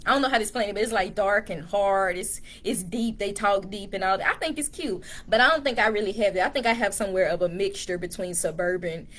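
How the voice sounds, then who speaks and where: A woman's voice: mid-range voice, quick pace, few pauses, fairly bright tone. A woman from Dallas with a Texas accent, chatting laid-back in a casual vlog, recorded on a phone camera in a dim room at home. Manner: laid-back, chatty, addresses viewers as y'all. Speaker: vlogger. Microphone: phone camera on a tripod.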